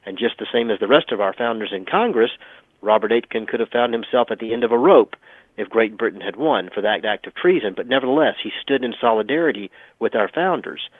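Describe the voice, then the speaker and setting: Male radio guest on a phone line, emphatic storyteller, mid-pitched, dry tinny sound. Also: expressive, fairly quick, husky, no room sound. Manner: emphatic, sarcastic storytelling with repeated phrases. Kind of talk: radio talk show history explanation.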